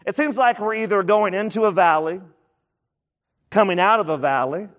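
A man's voice: sits high, normal speed, a bit bright. A man preaching a sermon as pastor, emphatic and repeating his key points so the congregation can write them down. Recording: long reverb of a large hall.

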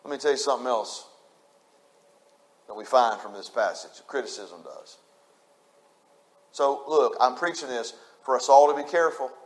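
A man's voice: medium pitch, normal speed, pauses often. A man preaching a sermon, repeating his points with emphasis and speaking straight to the congregation. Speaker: pastor.

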